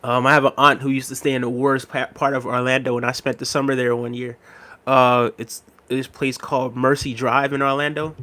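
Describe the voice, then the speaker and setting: With a medium pitch and little movement in it, this livestreamer talks a little fast in a pushed, bright tone. He rambles through a relaxed stream, laughing a lot, addressing viewers directly and reading their chat aloud.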